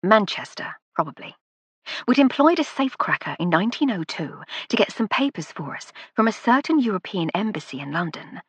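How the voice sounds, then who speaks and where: Husky-voiced woman narrating an audiobook. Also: mid-range voice, sing-song, no room sound. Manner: wry, measured. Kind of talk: first-person novel narration.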